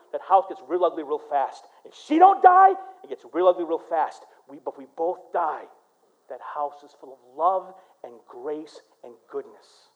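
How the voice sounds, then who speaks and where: Guy pastor from michigan preaching in church, goes loud then real quiet, kinda muffled lo-fi sound. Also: sits high. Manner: animated preaching, swinging between loud punches and quiet storytelling. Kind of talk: sermon.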